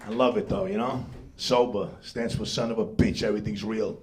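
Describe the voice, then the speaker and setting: A man's voice: fairly low pitch, steady tone, brisk, a little mellow. A male stand-up comedian with a New York accent, brash and profane, delivering a punchy club set. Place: comedy club stage, live audience.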